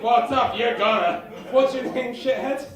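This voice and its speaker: A man's voice: very high-pitched, unhurried. A British man doing live stand-up crowd work on a comedy club stage, crude and combative. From Britain. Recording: distant, echoey club recording. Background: loud audience laughter.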